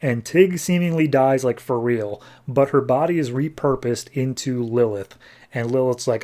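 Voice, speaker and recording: A man's voice: mid-range voice, moderate pace, mellow. A man on a podcast, casually recapping a comic book and acting out the characters' lines. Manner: laid-back, chatty. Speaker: podcast co-host.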